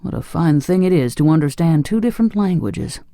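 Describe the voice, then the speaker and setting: A man's voice: a little high, very animated, fairly quick, mellow, no room sound, clean studio sound. A man voicing a fussy, lofty straw-stuffed king in an audiobook. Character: pompous but kindly straw-stuffed king. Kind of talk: audiobook character voice.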